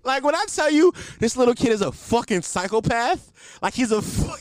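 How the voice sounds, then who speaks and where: A man's voice: very high-pitched, very animated, moderate pace, hardly any pauses, dry recording, studio quality. A young man telling comic stories in a loose, slangy way, laughing often and swearing freely. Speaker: comedian. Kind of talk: casual comedic storytelling.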